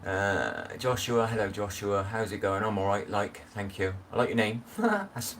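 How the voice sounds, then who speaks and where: A middle-aged man chats loosely on a live stream, drifting between asides and greeting viewers by name. He sounds set back from the phone mic, with clear background noise around him. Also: lowish voice, sing-song, moderate pace, fairly bright tone, recorded from a distance. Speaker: livestream host. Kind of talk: casual live-stream chat.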